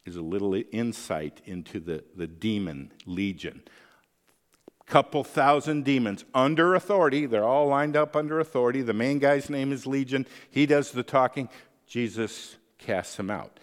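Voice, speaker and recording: A man's voice: on the low side, in a large hall. A man preaching a sermon as pastor, conversational, often checking in with the listeners with tag questions.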